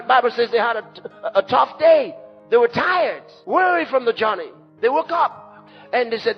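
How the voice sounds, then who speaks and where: A pastor preaching a sermon emphatically, with sudden shouts and dramatic drops. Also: male voice, extremely high pitch, lively intonation, moderate pace. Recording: dull lo-fi sermon recording with faint music.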